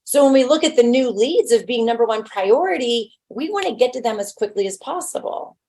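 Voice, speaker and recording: A woman's voice: fairly high pitch, lively intonation, brisk, darkish tone. A woman who works as a real estate agent, giving a casual webinar talk in a blunt, conversational way and using homely everyday examples.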